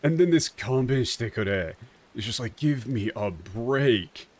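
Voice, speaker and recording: A young male streamer chatting over his game in an animated, unscripted way. He swears freely and fills pauses with "like". His voice bounces lively between high and low. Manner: animated, profane, many fillers. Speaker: streamer explaining translations. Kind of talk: casual game commentary.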